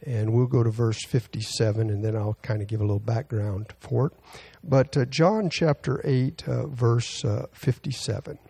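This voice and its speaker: A man preaching a Bible teaching sermon, halting often with fillers and restarts as he reads scripture aloud. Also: medium pitch, vocal fry, warm tone, husky.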